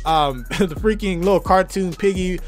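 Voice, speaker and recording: Hoarse young man, high enthusiastic voice. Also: moderate pace, soft background music. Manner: enthusiastic, rambling, lots of fillers. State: hoarse, tired voice. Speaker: movie reviewer. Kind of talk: casual movie review vlog.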